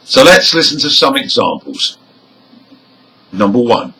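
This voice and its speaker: A man teaching English word stress, reading example words one by one, marking the stressed syllables clearly and nodding on them. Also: fairly low pitch, sing-song, a little slow, fairly bright tone, low-quality recording. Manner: nods his head up on stressed syllables. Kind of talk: slow, deliberate pronunciation lesson.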